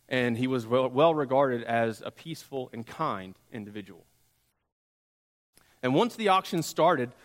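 Guy preaching a sermon, tells it slow with soft quiet drops, big echoey church sound. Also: mid-range voice. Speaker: pastor. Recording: long hall reverb.

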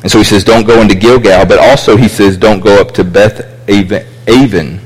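A man's voice: on the low side, fairly even intonation, fairly quick, husky. A man teaching a sermon, explaining scripture with frequent restarts and asides. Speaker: preacher. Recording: echoey hall with long reverb.

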